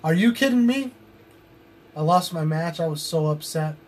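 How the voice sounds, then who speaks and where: A man with a slightly high voice cuts a drawn-out wrestling promo in the voice of a pro wrestler. He broods with intensity and now and then erupts into loud shouts. Underneath the bluster he sounds tired and drained. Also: animated, a little hiss or hum.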